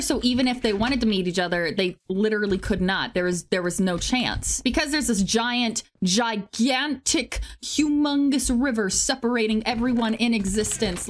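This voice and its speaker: A woman's voice: on the high side, a bit bright. Chatty woman rambling through a legend. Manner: rambling and chatty, full of filler words, breaks off to react to the game. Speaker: gaming video creator. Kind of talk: casual storytelling while playing a game.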